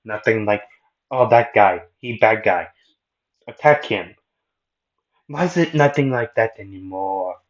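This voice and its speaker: A man's voice: on the low side, unhurried, long pauses, muffled recording, natural voice. A man voicing a confused, long-lived male warrior with a put-on thick foreign accent, rambling and bewildered. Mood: baffled.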